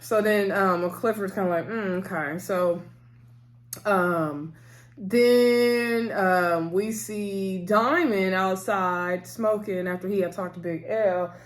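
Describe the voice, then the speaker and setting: Woman vlogger, casual episode recap, rambling and chatty, lots of fillers, mid-pitched. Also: fairly even intonation, slow pace. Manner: rambling, loose, full of fillers like "so anyway" and "um"; chatty and familiar, addressing viewers directly. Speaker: TV episode reviewer.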